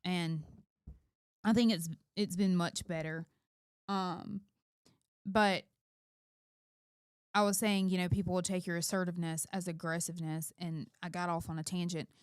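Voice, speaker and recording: A woman's voice: fairly low pitch, fairly even intonation, moderate pace, long pauses, clear, resonant tone, no room sound, studio quality. A middle-aged woman co-hosting a casual chat. She speaks emphatically and candidly, reflecting on her own habits. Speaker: co-host, mother of two.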